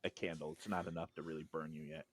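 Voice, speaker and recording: A man's voice: rumbling low, level tone, fast, breathy edge, no room sound. A man narrating a tabletop game as game master, in vivid, rambling descriptions full of fillers.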